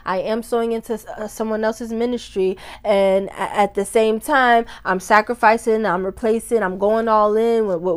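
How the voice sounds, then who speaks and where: A woman hosting a ministry podcast, preaching in a fervent, casual way, repeating phrases for emphasis and talking straight to her listeners. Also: mid-range voice. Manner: talks straight to listeners, calls them "y'all". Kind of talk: casual devotional teaching.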